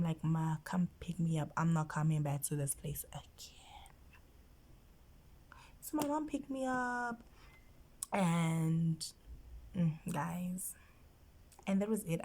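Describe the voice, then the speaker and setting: A South African woman with a low voice tells her story to the camera. She is emotional and keeps slipping into a hushed whisper. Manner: emotional, often drops into a whisper. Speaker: vlogger. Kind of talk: storytime vlog.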